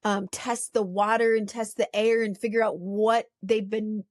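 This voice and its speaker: A woman's voice: medium pitch, level tone, a little slow, dry recording, clean studio sound. A woman co-hosting a casual podcast with playful, giggly banter. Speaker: podcast co-host.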